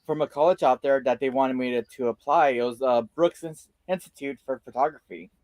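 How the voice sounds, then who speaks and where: A man from California chatting casually, hesitant and unhurried, with frequent fillers as he tells a story. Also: medium pitch, a little mellow, no echo. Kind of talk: casual chat.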